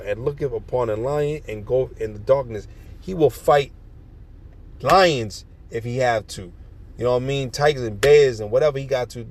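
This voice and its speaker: Gravelly man preaching scripture, street style. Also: mid-range voice, darkish tone, a little hiss or hum. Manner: reads verses then riffs in slangy, profane commentary. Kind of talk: scripture reading with commentary.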